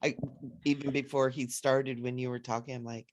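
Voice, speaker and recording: A woman's voice: rumbling low, little pitch movement, normal speed, darkish tone, dry recording, clean studio sound. A woman co-hosting a casual spiritual discussion who relays channeled messages with fillers and light laughs. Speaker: co-host and channeler.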